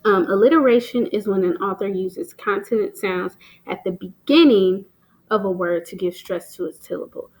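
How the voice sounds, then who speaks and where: A woman's voice: medium pitch, moderate pace, darkish tone, rough recording. Woman patiently explaining poetry terms. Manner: plain, patient explaining with frequent "um" and "so". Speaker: teacher. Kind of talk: explaining poetry terms and reading examples aloud.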